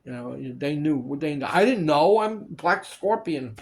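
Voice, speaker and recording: Animated man telling stories, swearing. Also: on the high side, unhurried, gravelly, slight background noise. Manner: animated, acts out quoted people, swears freely. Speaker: storyteller recalling film work. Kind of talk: casual chat.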